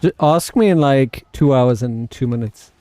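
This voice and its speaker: A man's voice: medium pitch, normal speed, dark tone, dry recording. A South African man hosting a casual game livestream, rambling and answering his chat. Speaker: livestream host and gamer.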